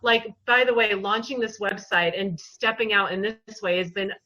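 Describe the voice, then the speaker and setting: Woman, yoga teacher, bright and lively, casual interview storyteller. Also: mid-range voice, normal speed, poor audio. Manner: animated, storytelling, laughs often.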